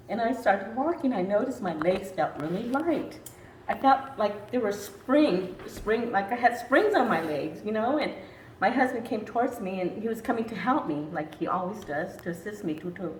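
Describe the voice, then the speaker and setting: A woman's voice: on the low side, normal speed. An older woman from Arizona giving an emotional personal testimony, earnest and tearful, laughing between lines. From Arizona, USA. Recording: roomy echo from a distant mic, faint noise.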